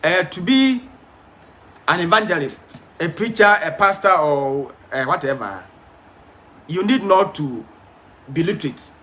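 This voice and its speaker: A man's voice: high voice, lively intonation, unhurried, pauses often, pushed and bright. A man preaching a Bible study sermon, emphatic, stumbling and repeating words, and asking his audience questions.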